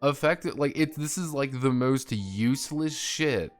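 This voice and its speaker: A man's voice: medium pitch, a little slow, soft background music. A male streamer in a casual, rambling, sarcastic rant, swearing often and trailing off with fillers.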